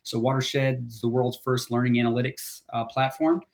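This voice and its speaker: A man from the southern United States, a podcast guest, chatting upbeat and quick over a video call. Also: medium pitch, completely flat delivery, vocal fry. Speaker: podcast guest, sales director. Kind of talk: casual interview chat.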